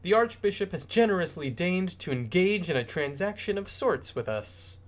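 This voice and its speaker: A man's voice: high-pitched, big pitch swings, moderate pace, pitched above the performer's own voice. A man voicing a formal, overly polite male merchant while reading game dialogue aloud. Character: courteous smooth-talking male merchant.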